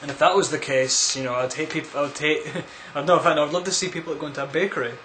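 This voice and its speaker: A man rambles through viewer questions in a casual vlog, tossing out crude, absurd jokes. His voice sits a little high for a man. The room gives it a noticeable echo, with a faint hiss underneath. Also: steady tone, very fast, pushed and bright. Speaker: vlogger answering viewer questions. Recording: echoey room.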